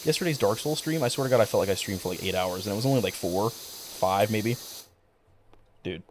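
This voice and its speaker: Low-voiced rambling young man streaming. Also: brisk, a little hiss or hum. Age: young adult. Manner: rambling, full of fillers and swearing. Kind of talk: casual chat while gaming.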